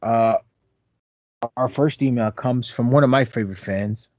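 A man's voice: medium pitch, unhurried, darkish tone, no room sound. A man co-hosting a casual podcast, joking around and reading listener emails aloud. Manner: playful, sings and jokes, reads aloud with asides. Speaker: podcast co-host.

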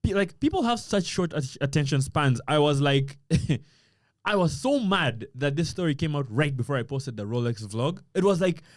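A man's voice: a little high, normal speed, no room sound, studio quality. A young man co-hosting a podcast, telling stories in casual slang and acting out what he said. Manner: animated storyteller, slangy, acts out quotes. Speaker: podcast co-host.

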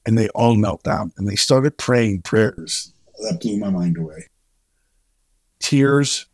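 A man guest on an interview show, telling stories in an animated way and acting out the voices of the people in them. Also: takes it slowly. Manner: animated, acts out quoted voices with big pitch jumps. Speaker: charity co-founder, guest. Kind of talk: storytelling in an interview.

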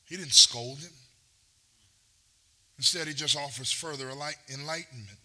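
A man's voice: medium pitch, normal speed, pushed and bright. A man preaching a sermon, mixing playful asides and acted-out quotes with rising, intense delivery. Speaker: pastor.

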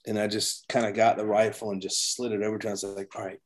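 A man's voice: on the low side, little pitch movement, fast talker. A man chatting as a podcast guest, a rambling storyteller who restarts his sentences often. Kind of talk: casual chat.

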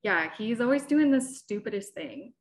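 A woman co-hosting a podcast, telling stories in an animated, exasperated way. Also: mid-range voice, normal speed, crowd noise. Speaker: podcast co-host. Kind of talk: casual chat.

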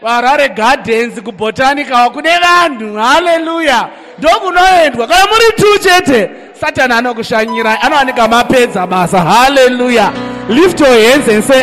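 A man with a Zimbabwean accent preaching a sermon, energetic and calling out to the congregation. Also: extremely high pitch, moderate pace, faint music behind. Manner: energetic, calls on the congregation, switches between languages. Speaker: pastor. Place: church hall. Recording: echoey church hall reverb.

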